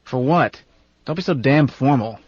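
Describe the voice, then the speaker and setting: A man voicing Lazarus, a raspy, gruff ancient man. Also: mid-range voice, animated, a little slow, no echo. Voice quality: rasp. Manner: brusque and salty, grumbling. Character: gruff, blunt, ancient man, irritable and folksy. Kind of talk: audiobook character reading. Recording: dull, dry studio recording.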